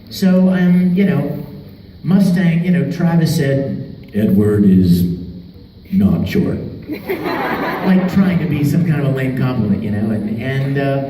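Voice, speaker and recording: A man speaks as a convention panel guest, playful and quick to laugh, his pitch leaping around as he spins a story for the fans. He sits far from the mic in a large hall, so his voice comes back with a long echo, and a crowd murmurs clearly behind him. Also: noisy background. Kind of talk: storytelling to a live audience.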